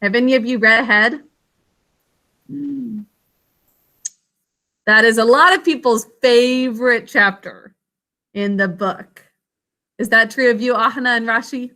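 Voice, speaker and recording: A patient woman teacher, her voice bright and a touch high, leads a vocabulary and spelling lesson, breaking words into syllables slowly and clearly for the class. She quizzes the students and calls on them by name.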